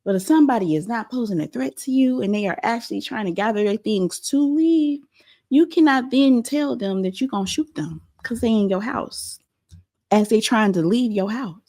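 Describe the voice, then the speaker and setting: A woman hosting a pop-culture show, giving animated, opinionated commentary on a clip and talking straight to her viewers. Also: a little high, moderate pace.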